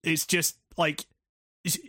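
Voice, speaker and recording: A man's voice: takes it slowly, pushed and bright, no room sound, studio quality. A man recapping a video game plot in casual chat, rambling and swearing, with many fillers and restarts.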